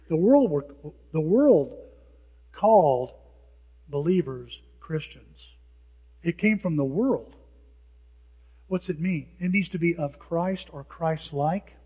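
A male pastor preaching a sermon in an animated way, acting out the lines of people who mock. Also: on the high side, slightly rough. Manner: animated, acts out hecklers' lines. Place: church sanctuary. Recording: dull sound with long hall reverb.

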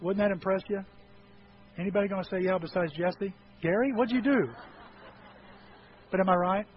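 A middle-aged male pastor preaching a sermon, telling stories and acting out voices, swinging from loud outbursts to hushed tones. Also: high voice, moderate pace. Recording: dull lo-fi recording with faint noise.

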